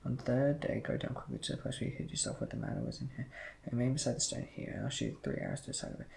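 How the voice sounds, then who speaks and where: A man reading scripture aloud in a rushed way, with slips and restarts. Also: mid-range voice, huge pitch swings, vocal fry, a little mellow, a little hiss or hum, rough recording. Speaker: Bible reader.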